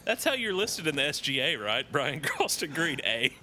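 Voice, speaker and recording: A man's voice: on the high side, very animated, normal speed, sharp tone. A man hosting a podcast, chatting casually and teasing his guest with frequent laughs. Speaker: podcast host. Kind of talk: casual joking chat.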